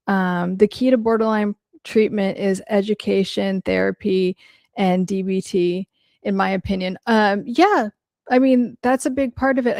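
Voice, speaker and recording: A woman's voice: mid-range voice, vocal fry, a little mellow, no room sound, studio quality. A woman hosting a casual livestream Q&A and answering viewer questions in a chatty, blunt way, with lots of "like" and an odd curse for emphasis.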